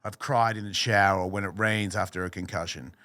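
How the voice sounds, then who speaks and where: A middle-aged podcast guest tells a personal story candidly in a low-pitched, brisk voice with no echo. He's an animated, profane storyteller, swearing freely and acting out the voices.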